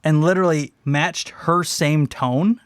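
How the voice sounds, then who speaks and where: A man's voice: on the high side, measured pace, smooth, no room sound, clean studio sound. A man co-hosting a live podcast, chatting casually, telling stories and reading news, laughing often. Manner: laughs often, animated storytelling. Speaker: podcast co-host.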